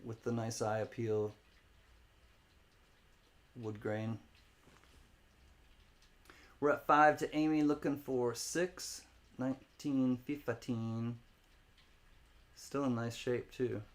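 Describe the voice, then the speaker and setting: A man with a steady mid-range voice speaks slowly, with long pauses, as he runs a live-stream coin auction. Between lots he jokes and rambles, laughs often, calls bids, greets viewers by name, and spells words out letter by letter for fun.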